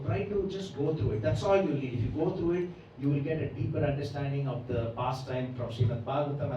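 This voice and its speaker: Speaking in a warm, mid-range voice, a man teaches a Bhagavatam class, expounding on scripture at length and regularly checking in with "right?". The mic sits far off in an echoey hall, and there's a little hiss or hum.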